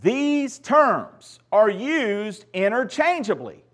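A man's voice: high-pitched, very animated, slow pace, a bit bright. A middle-aged man, preaching a sermon as pastor and joking with the congregation in call and response. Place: church sanctuary.

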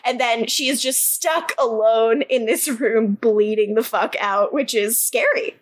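A woman's voice: a little high, a little slow. Swearing, laughing woman podcast host. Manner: swears freely and laughs often while retelling scenes. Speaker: podcast co-host recapping a TV episode. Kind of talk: casual chat.

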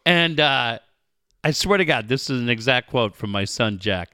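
A man's voice: medium pitch, expressive, normal speed, sharp tone, clean tone, dry recording. A middle-aged man co-hosting a show, telling profane stories with frequent laughter in casual chat. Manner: profane, storytelling, laughs often. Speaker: podcast co-host.

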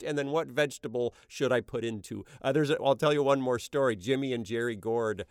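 A middle-aged man telling stories about making his animated show in a casual interview, lively and quick to act out voices. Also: medium pitch, clean tone, no echo, clean studio sound. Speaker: animation creator being interviewed.

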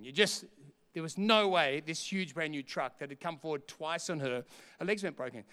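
A middle-aged man preaching a sermon as a pastor, telling a story with fervor and rising to shouts at points. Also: on the high side, normal speed, clean tone. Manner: impassioned preaching that swells to shouts between quieter storytelling. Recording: long reverb hall.

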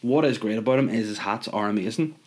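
A young man rambles through a jokey, sweary rant. His voice sits a little low and sounds stuffy from a cold. He talks loosely and casually, like he is chatting to camera. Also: fast talker.

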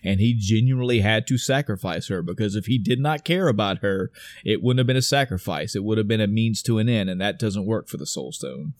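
A man's voice: on the low side, animated, brisk, no room sound. A man in casual chat, animatedly recapping a film scene by scene and acting out characters' lines with plenty of cursing. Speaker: podcast co-host recapping a film.

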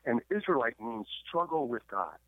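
A man's voice: medium pitch, sing-song, moderate pace, no echo. Canadian man on a tinny phone line. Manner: stammering repeats, preachy emphasis. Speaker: guest pastor and historian. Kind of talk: radio interview, sermon-like storytelling.

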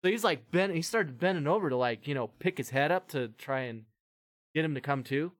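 A man hosting a podcast who tells a long story in a rambling, animated way, swearing freely and acting out the voices of the people in it. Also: fairly high pitch, brisk. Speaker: podcast host. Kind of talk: casual storytelling chat.

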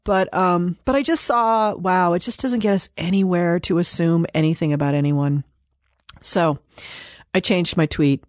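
Female host, lower register, dry close recording; chatty self-mocking storyteller who rambles. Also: a little slow, a little mellow, dry recording. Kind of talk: casual storytelling monologue.

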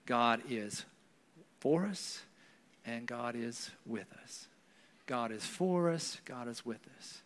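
A man's voice: mid-range voice, animated, slow, fairly bright tone. A man, a pastor, preaching a conversational sermon in a church with a Southern US accent, often adding "right?" as he talks. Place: church hall. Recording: long hall reverb.

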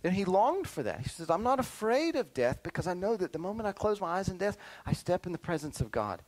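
Middle-aged guy preaching to kids, kinda high voice, keeps asking "right?" and "okay?". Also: fairly quick, poor audio. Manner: animated preaching with frequent "right?" and "okay?" check-ins. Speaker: pastor. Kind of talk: sermon to children and youth.

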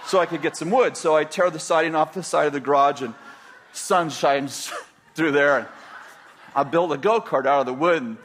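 A man's voice: fairly high pitch, moderate pace, a bit bright, a little hiss or hum. Rambling older man telling a story. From California, USA. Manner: rambling, frequent restarts, chuckling. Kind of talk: personal storytelling.

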